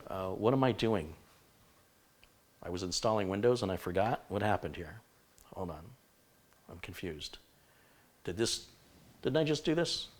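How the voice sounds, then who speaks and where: Rambling lower-voiced male tech host. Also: lively intonation, measured pace, long pauses. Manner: thinks aloud, rambling with self-corrections. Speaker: computer repair host. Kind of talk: live-stream tech diagnosis and chat.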